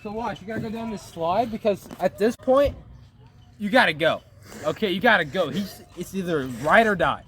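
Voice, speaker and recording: A man's voice: high voice, moderate pace, fairly bright tone. Playful man clowning on a playground. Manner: playful, giggly, over-the-top. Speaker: vlogger. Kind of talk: mock tutorial, joking. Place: outdoor playground. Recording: noisy outdoor phone recording.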